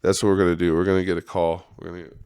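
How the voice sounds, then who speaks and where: Low-voiced man in a rambling podcast rant. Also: flat delivery, racing, darkish tone, clean tone, no echo, clean studio sound. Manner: rambling, profane, laughs often. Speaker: podcast host. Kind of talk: casual podcast monologue.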